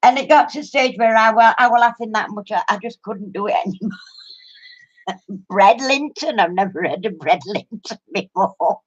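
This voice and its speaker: In casual chat to her viewers, an older Yorkshire-accented craft vlogger tells a story punctuated with laughter. Her medium-pitched voice moves at normal speed with a breathy edge, and the recording is muffled and lo-fi.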